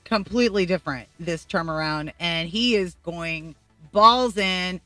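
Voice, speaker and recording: A woman's voice: lowish voice, a little slow, sharp tone, no room sound, soft background music. A middle-aged woman from Colombia, vlogging blunt, profane opinions in casual commentary. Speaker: YouTube vlogger.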